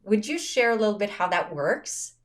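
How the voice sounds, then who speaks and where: A woman's voice: medium pitch, big pitch swings, normal speed. A woman hosting a podcast, telling personal stories in casual chat, often laughing and voicing quoted dialogue. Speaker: podcast host. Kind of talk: casual conversational storytelling.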